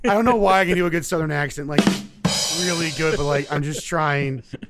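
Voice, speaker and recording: A man's voice: on the high side, fairly quick, over loud music. A young man from Indiana telling crude, profane stories in casual chat among friends. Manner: profane, animated, laughing.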